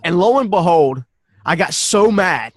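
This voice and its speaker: A man's voice: high-pitched, measured pace, dry recording. Earnest man telling a personal story. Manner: animated, earnest storyteller with frequent restarts. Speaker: podcast guest. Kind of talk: personal storytelling in a conversational interview.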